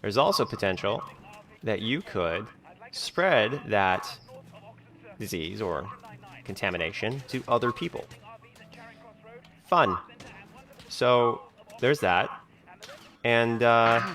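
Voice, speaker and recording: A man's voice: on the low side, expressive, slow, pauses often. A man talking in a rambling vlog monologue, full of fillers like "like" and "you know". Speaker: video creator being reacted to.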